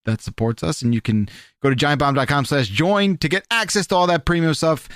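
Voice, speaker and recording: A man's voice: fairly high pitch, brisk, fairly bright tone, dry recording, studio quality. A man guesting on a podcast, talking in an easygoing casual way.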